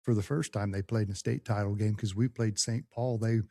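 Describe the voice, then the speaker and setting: Mellow folksy middle-aged male podcast host. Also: on the low side, steady tone, a little fast, dry recording. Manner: folksy, rambling reminiscer. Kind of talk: casual podcast conversation.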